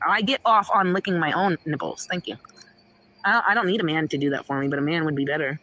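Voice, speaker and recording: A woman's voice: deep voice, quick pace, slight background noise. A woman ranting and rambling profanely in casual livestream talk. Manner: profane, rambling, swings between muttering and shouting.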